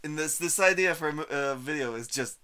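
A man's voice: fairly high pitch, fairly quick, over a noisy crowd. A young man in a casual podcast chat, bantering indignantly and swearing.

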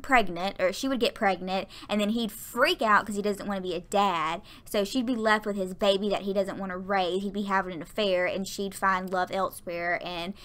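Woman, casual game voiceover, chatty, rambling, trips over words, medium pitch. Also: steady tone, normal speed, hardly any pauses, fairly bright tone. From American South. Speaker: Sims YouTuber. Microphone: home voiceover mic.

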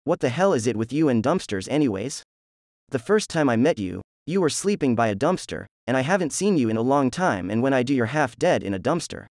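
A man voicing a hot-tempered middle-aged woman healer who scolds loudly. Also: medium pitch, big pitch swings, fairly quick, no echo, studio quality. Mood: scolding. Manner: scolding, shouting at the boy.

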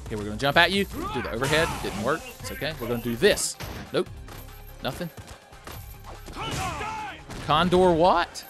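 A young man giving casual, profane commentary while playing a fighting game, often shouting his special moves. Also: a little high, fast talker, faint music behind. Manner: excitable, profane, yelling move names. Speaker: let's-play commentator.

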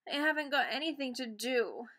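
A woman's voice: sits high, lively intonation, moderate pace, a bit bright. A woman voicing a lonely young male dragon who shows off, in a storybook reading. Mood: eager.

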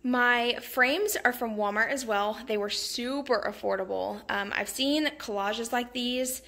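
A woman's voice: a little high, unhurried, pushed and bright. A woman, chatting casually with lots of fillers as she walks a camera through her small house. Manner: chatty, friendly, many "um" fillers. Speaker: home vlogger giving a house tour. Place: inside a small house, walking room to room.

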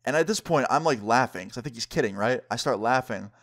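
A male vlogger tells a story straight to camera in a loose, animated way. He swears freely, at a middle pitch. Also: fast. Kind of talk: casual storytime narration.

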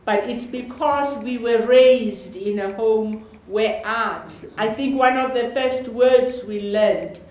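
An older South African woman talks slowly and with a lifted, fairly high voice, chatting and joking on a panel and laughing often. Her voice rings in a very echoey lecture hall, with a faint hiss of noise underneath. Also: a little mellow. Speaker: panel speaker, sister of the honoree. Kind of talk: informal public talk at a lecture panel.

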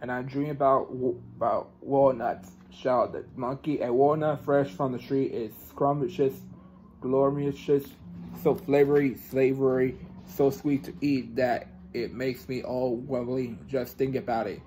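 A man's voice: mid-range voice, fairly even intonation, warm tone, slight background noise, rough recording. A man reading a children's book aloud, stumbling and restarting words as he goes. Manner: halting, with frequent restarts and self-corrections. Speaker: reader.

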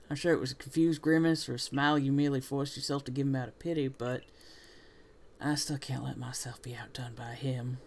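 A man's voice: mid-range voice, a little mellow, natural voice. A man putting on a smug rival with a Southern drawl. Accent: attempted Southern US. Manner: smug, one-upping. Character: boastful competitive young man, rival to another.

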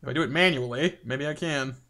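A man's voice: mid-range voice, fast talker, sharp tone. A man streaming live gameplay, chatting playfully with viewers and reacting to the game.

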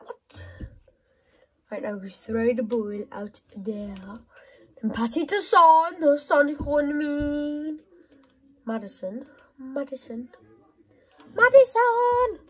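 A woman giving excitable commentary while playing a football video game, often shouting and squealing at the match. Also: sits high, slow pace, rough recording. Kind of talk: gaming commentary.

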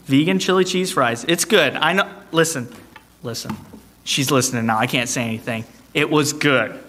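A man hosting a church service as song leader, making announcements in a playful, teasing way with quick joking asides. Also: on the high side, fairly bright tone, a little hiss or hum. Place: church sanctuary, streamed online.

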